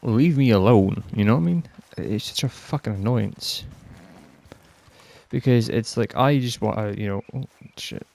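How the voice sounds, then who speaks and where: Scottish man, deep-ish gravelly voice, blunt, fed-up, sweary rambling rant. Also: normal speed, a little mellow. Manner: exasperated, fed-up. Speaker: podcast host. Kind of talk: casual ranting monologue.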